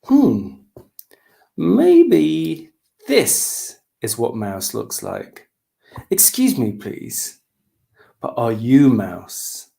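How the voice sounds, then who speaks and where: A man's voice: mid-range voice, huge pitch swings, very slow, dark tone, heavily acted. A man voicing a brave, polite little male kitten in a children's storybook reading, eager and bold.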